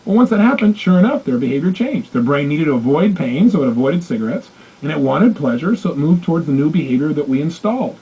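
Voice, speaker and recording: A man coaching in a self-help audio program, telling animated stories and acting out the dialogue. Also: a little high, quick pace, husky, lo-fi sound. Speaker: motivational coach.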